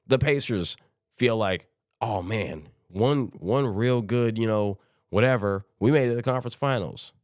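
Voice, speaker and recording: A man's voice: fairly low pitch, dry recording, studio quality. A man hosting a solo sports podcast, talking casually and rambling through his points, often restarting his sentences. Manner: rambling, conversational, restarts phrases; quotes imagined teams in offhand voices. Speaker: podcast host.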